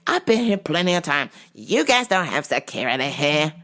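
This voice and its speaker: Rambling defiant young guy as a woman mimics him, kinda low, talks back. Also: sing-song, normal speed, fairly bright tone. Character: erratic young male customer, aggressive.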